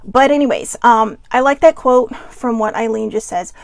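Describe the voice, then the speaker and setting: Woman host, chatty live-stream talk, a touch high and gravelly, dry close sound. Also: normal speed, no echo. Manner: chatty and warm-hearted, with soft laughs and asides. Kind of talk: casual live-stream chat, reading viewer comments.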